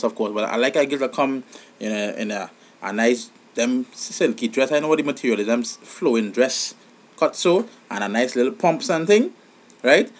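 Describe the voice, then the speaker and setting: A young man giving comic advice in an animated, exasperated vlog monologue. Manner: animated, exasperated, rising to high outbursts. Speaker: vlogger.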